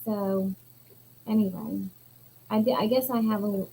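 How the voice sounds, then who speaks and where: A woman co-hosting a casual chat show, chatty and quick to chime in with short agreement. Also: medium pitch, vocal fry, dark tone, husky, low-quality recording. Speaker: podcast co-host.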